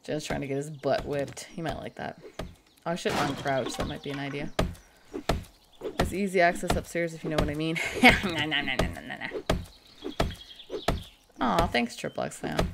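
A woman's voice: deep voice, big pitch swings, moderate pace, creaky, pauses often, heavy background noise. A woman chatting casually and joking crudely with her chat while she streams a game. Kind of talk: casual live-stream commentary.

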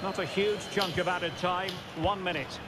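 A man doing a high-voiced male football commentator in a video game, measured and steady in his calls. His voice sits under a loud stadium roar. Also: very noisy, lightly acted. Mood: calm.

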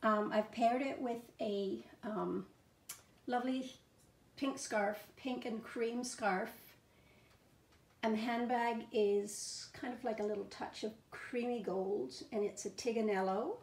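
A woman's voice: on the high side, steady tone, slow, darkish tone, roomy sound. A middle-aged woman showing outfits and perfumes in a home vlog, gushing and enthusiastic, with plenty of fillers. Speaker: fashion and fragrance vlogger. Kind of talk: casual show-and-tell vlog. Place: bedroom at home.

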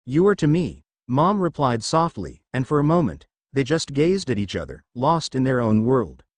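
A man's voice: medium pitch, big pitch swings, moderate pace, no room sound. A man reading a fan fiction story aloud in an audiobook style, giving the characters small voice shifts.

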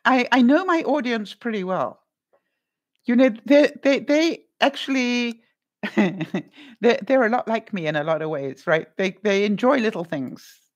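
A middle-aged woman vlogger chatting casually on a live stream, reading viewer comments and offering gentle, comforting advice with frequent repeated words and laughs. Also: a little high, animated, measured pace, highs cut off. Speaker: vlogger answering live chat.

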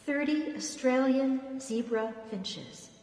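Woman reading a calm ironic young woman, soft and even, roomy hall echo. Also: sits high, slow pace, pitched above the performer's own voice. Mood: tender. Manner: even, kind, gently mocking. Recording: echoey hall reverb.

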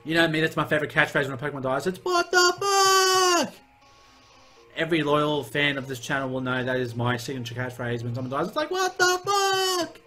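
A young man giving gameplay commentary as a let's play host, excitable and profane, often yelling at the game. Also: mid-range voice, racing, hardly any pauses, faint music behind.

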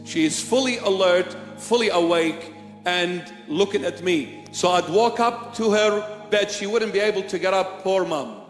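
A man's voice: high-pitched, a little slow. A man preaching a sermon as a bishop in a church, emphatic and repetitive in his rhetoric. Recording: echoey church hall with faint music.

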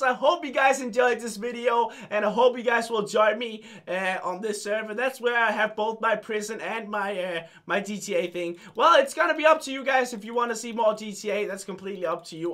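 A young man giving excited, hyper gameplay commentary as a gaming video host, often yelling at the game. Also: very high voice. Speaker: gaming YouTuber.

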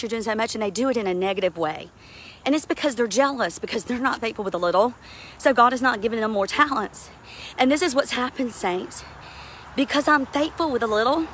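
A woman's voice: a little high, fairly bright tone, slight background noise. A middle-aged woman minister, preaching a sermon emphatically and laughing between points.

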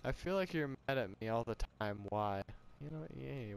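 Here a young let's player reads game dialogue in a gravelly, resonant, mid-range voice that is clear and expressive at a normal pace. His commentary is casual and full of swearing and laughter, and he imitates the characters, all over a glitchy home mic.

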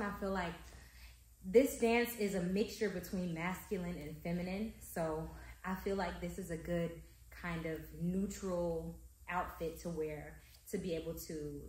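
Upbeat woman dance teacher, heard from a distance in a roomy studio. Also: on the low side. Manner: upbeat, coaching with frequent check-ins. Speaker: dance instructor. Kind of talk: dance tutorial. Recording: echoey studio from far off.

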